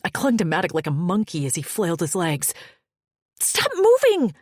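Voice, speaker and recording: A woman narrates a first-person audiobook in a husky, slightly lower voice. Her dramatic reading turns breathless at the peaks and drops to a near-whisper in quiet moments. The recording is close and dry, with no room sound. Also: fast, no room sound.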